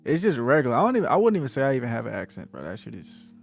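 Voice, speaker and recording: Slangy man with a gravelly voice. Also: medium pitch, huge pitch swings, very fast, soft background music. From New Jersey. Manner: laid-back, repeats himself, slangy. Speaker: podcast co-host. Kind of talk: casual chat.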